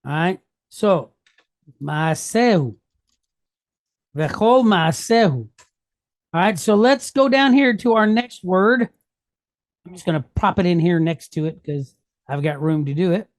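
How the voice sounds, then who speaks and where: A woman's voice: on the low side, moderate pace. A woman teaching a Hebrew reading lesson, patiently explaining each mark and checking in with "okay?" and "right?". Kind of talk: walking through a worksheet lesson.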